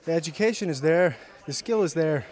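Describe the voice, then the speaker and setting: Young guy, faint irish lilt over his english, soft and hesitant, bit higher voice, lots of uhs, talking in a gym. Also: lively intonation. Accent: slight Irish-tinged English. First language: Icelandic. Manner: soft-spoken, many pauses and fillers. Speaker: interviewed fighter. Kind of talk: casual interview answers. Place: sports gym.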